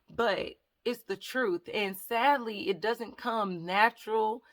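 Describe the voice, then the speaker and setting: A woman's voice: medium pitch, a bit bright. A woman vlogger, talking openly and emotionally in a rambling, heartfelt way, tearful at times. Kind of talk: emotional casual vlog talk.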